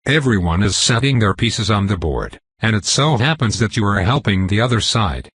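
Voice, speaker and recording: A man voicing a cold, smooth female vampire. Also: on the low side, dry recording. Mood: cool. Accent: faint American Southern. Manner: calm, unhurried, condescending.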